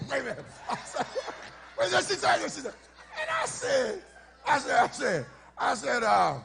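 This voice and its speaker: A middle-aged man, a pastor, telling a story in a sermon before his congregation, shifting from easy conversational talk to shouted preaching. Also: extremely high pitch, big pitch swings, normal speed, gravelly. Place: church sanctuary before a congregation.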